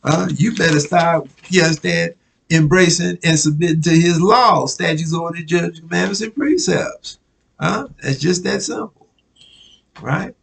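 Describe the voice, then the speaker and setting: A man's voice: a little high, normal speed, creaky, a bit bright, breathy edge, low-quality recording. A man preaching a casual sermon, reading news clippings aloud and often asking if listeners follow him. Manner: conversational, keeps asking "you follow me?"; repeats himself, restarts words.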